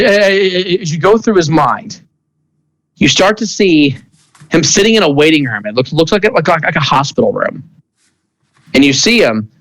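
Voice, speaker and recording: Guy running a tabletop game, kinda high voice, stumbles and restarts a lot. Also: fairly bright tone, dry recording, rough recording. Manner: halting, many restarts and fillers. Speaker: game master.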